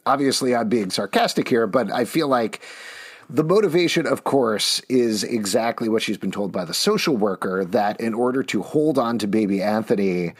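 A man co-hosting a podcast, giving an animated, opinionated recap of a TV episode with sarcastic asides. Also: medium pitch, moderate pace, breathy edge. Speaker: podcast co-host. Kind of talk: casual TV recap chat.

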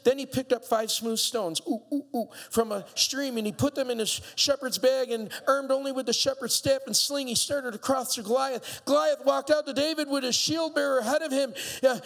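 Male pastor, very high gravelly voice, shouting sermon delivery with acted-out voices, long hall reverb. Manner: preaching with rising shouts and playful asides; acts out voices of biblical figures.

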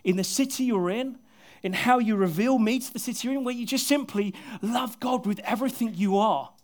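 Guy preaching at church, fairly high voice, earnest, goes soft and quiet a lot, jokes at his own expense. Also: a little fast. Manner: earnest, often dropping to soft, intimate tones; self-deprecating humor with bursts of laughter. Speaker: pastor. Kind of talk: sermon. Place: church service with a congregation.

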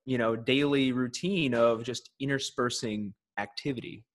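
A man speaking as a guest in a casual podcast chat, relaxed and reflective, with some stammered restarts. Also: medium pitch, normal speed.

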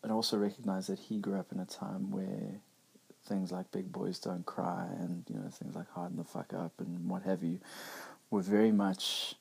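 A man's voice: low-pitched, flat delivery, normal speed, vocal fry, darkish tone, slightly rough. A middle-aged man hosting a podcast, talking candidly and reflectively in a conversational way with many restarts. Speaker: podcast host. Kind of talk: reflective personal monologue.

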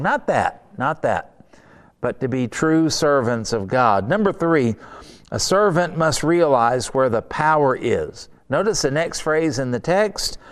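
A middle-aged man delivers a sermon in a smooth, resonant voice that sits a little high for a man. He is earnest and emphatic, and his pitch climbs sharply whenever he presses a point home. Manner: earnest, emphatic, rises in pitch when urging. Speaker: preacher.

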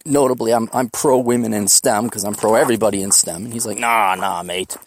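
A man's voice: mid-range voice, fairly even intonation, fast, darkish tone, a little hiss or hum. Profane, rowdy man talking on a hike. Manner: profane, boisterous, jokey. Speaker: podcast host. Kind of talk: casual rambling monologue. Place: outdoors on a mountain hiking trail.

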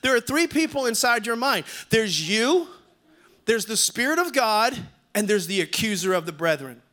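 A man's voice: sits high, sing-song, normal speed, sharp tone. A man in his fifties preaching a sermon as a pastor, emphatic, repeating key lines and calling on the congregation to respond. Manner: repeats key lines for stress, some restarts.

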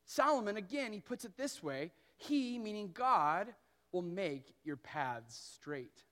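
A man in his thirties preaching a sermon as pastor, telling stories earnestly and slowing down on key phrases. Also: high-pitched, very animated, fairly bright tone.

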